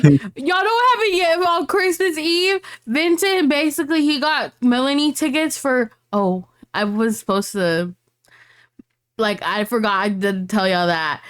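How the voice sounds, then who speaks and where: A young woman co-hosting a podcast, telling stories in an animated, gossipy way with plenty of swearing. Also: on the high side, clear, resonant tone. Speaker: podcast co-host. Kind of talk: casual chat.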